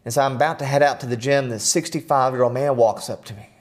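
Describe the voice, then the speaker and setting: A middle-aged man, a podcast guest, telling personal stories in an earnest, animated way with self-deprecating humor. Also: medium pitch, quick pace. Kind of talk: storytelling in conversation.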